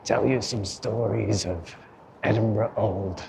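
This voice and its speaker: A man putting on the voice of a gnarly old talking tree with a Scrooge-like London accent, low and hushed, outdoors amid street noise. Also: fairly even intonation, takes it slowly, creaky. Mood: grumbly teasing.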